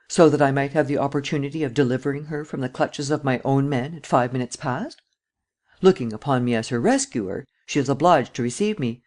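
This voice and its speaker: A cunning gentleman thief, read by the man narrating the audiobook talks calmly and drily. He is measured and self-assured, never hurried. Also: mid-range voice, close to an everyday voice. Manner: calm, measured, drily ironic. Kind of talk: audiobook reading.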